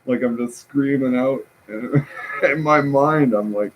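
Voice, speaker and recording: A man's voice: mid-range voice, takes it slowly, heavy background noise. A man rambling through a casual, profane, self-mocking story with lots of fillers and restarts. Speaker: vlogger.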